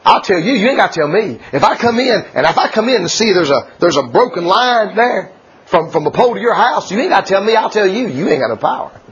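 A man preaching a folksy sermon, laughing often and swinging from loud declarations to hushed asides. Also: sits high, sing-song, quick pace, noisy background. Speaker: pastor. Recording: dull lo-fi church recording.

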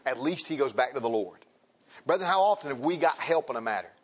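A man preaching a sermon in an emphatic, animated way, calling out to the congregation. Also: mid-range voice, quick pace, highs cut off.

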